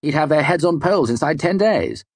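A man's audiobook character voice, a little high and pitched above his own, comes out brisk and husky with lively intonation on a dry recording. The role is a weary, short-tempered middle-aged mayor who is curt, brusque and exasperated.

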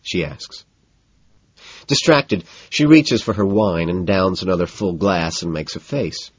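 A man narrating a novel in the first person with a flat, detached, matter-of-fact delivery, in a slightly muffled recording. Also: sits low, unhurried, slight background noise. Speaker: audiobook narrator.

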